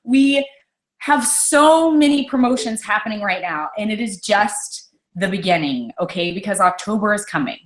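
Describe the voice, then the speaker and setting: A woman's voice: mid-range voice, expressive, normal speed, echoey room. A young woman leading a motivational team call, intense and passionate, often checking in with "okay?". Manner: intense, fired-up, repeats "okay?". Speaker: team leader.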